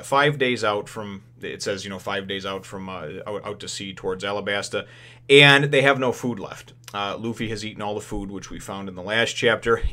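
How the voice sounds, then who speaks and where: A man's voice: mid-range voice, sharp tone. A man giving a casual spoken review of a manga chapter. He rambles, chuckles often and leans on lots of fillers as he retells the plot.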